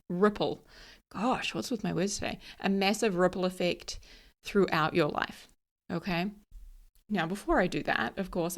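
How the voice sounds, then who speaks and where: A woman in her thirties hosting a solo podcast, chatty and candid, laughing at herself and searching for words. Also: mid-range voice. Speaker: podcast host. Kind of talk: casual solo podcast talk.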